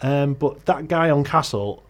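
Brief: Teesside podcast co-host, higher-pitched, animated, rants with the odd swear. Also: male voice, unhurried. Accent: Middlesbrough. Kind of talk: casual podcast chat.

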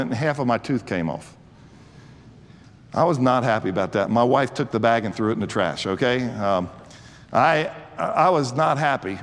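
Older preacher man in a reverberant church. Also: on the high side. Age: 60s. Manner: preaching with rising fervor and frequent restarts. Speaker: pastor. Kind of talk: sermon.

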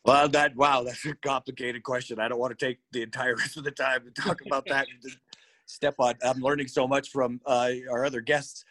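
A male fight coach answers a panel question with care and explains his thinking one step at a time. His pitch is average. The recording is dry and close. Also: level tone, fairly quick, bright, forceful tone, no room sound.

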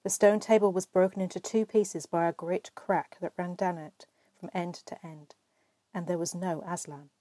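Woman readin a story out loud, expressive and measured, mellow warm voice, dry close mic. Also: lowish voice, no room sound. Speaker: reader.

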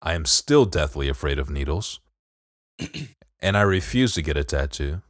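A man's voice: a bass voice, lively intonation, measured pace, no echo, clean studio sound. A man with a Detroit accent co-hosting a podcast, talking candidly and poking fun at himself, often repeating his points. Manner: candid, self-mocking, given to repeating himself. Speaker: podcast co-host. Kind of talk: casual podcast chat.

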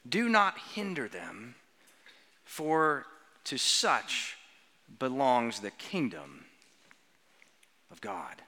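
Man, pastor, sermon, earnest, slow on key words, bright tone, long church reverb. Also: mid-range voice, big pitch swings. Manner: earnest, draws out key words slowly, asks the children questions. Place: church sanctuary.

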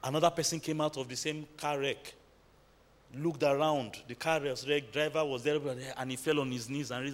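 A man's voice: fairly high pitch, fairly even intonation, normal speed. A man preaching a sermon in a church, building to emphatic bursts and calling out to the congregation. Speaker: pastor.

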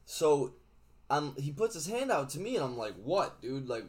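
A young man in casual chat, laid-back and halting, often restarting his sentences. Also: on the high side, very animated, a little mellow.

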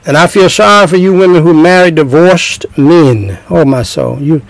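A middle-aged man delivering relationship advice in a preachy, emphatic way, hammering his points with repetition. His voice sits a bit high for a man, with a gravelly rasp. The sound is close and dry. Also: moderate pace, no echo, low-quality recording. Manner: emphatic, repetitive, acts out scenes. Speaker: speaker giving relationship advice.

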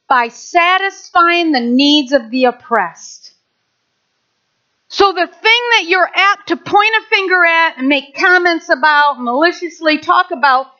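A middle-aged woman pastor delivers an animated sermon in a high, bright voice, full of rhetorical questions and chatty asides. The recording sounds dull and lo-fi.

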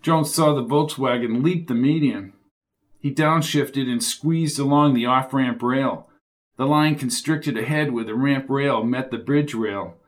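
A man reads a crime thriller aloud, keeping the action moving at a steady pace. His voice sits in a middle register, and his storytelling is plain and driving. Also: medium pitch, measured pace. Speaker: audiobook narrator. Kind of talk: scripted thriller narration.

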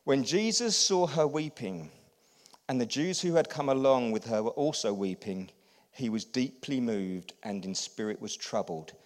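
A man preaching a sermon as a pastor, getting the congregation to repeat lines and swinging from hushed to loud. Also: mid-range voice, lively intonation, moderate pace. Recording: long hall reverb.

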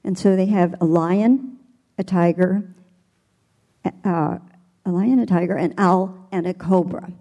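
Older woman voice teacher, mellow tone. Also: lowish voice, fairly even intonation, measured pace, long pauses. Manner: thoughtful, demonstrative with vocal imagery. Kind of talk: panel interview answer.

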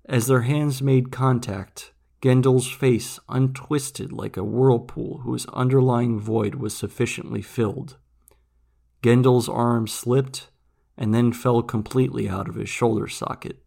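A man narrating a self-made audiobook in a measured, solemn way. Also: mid-range voice, steady tone, vocal fry, a little mellow, faint music behind. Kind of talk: scripted storybook narration.

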